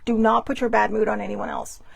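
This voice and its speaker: A young woman hosting a casual solo talk show from home, chatty and rambling, loud and theatrical. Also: mid-range voice, fairly quick, gravelly, dry recording. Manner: chatty, rambling and expressive, laughs often; calls herself loud and theatrical. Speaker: host. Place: at home in her bedroom.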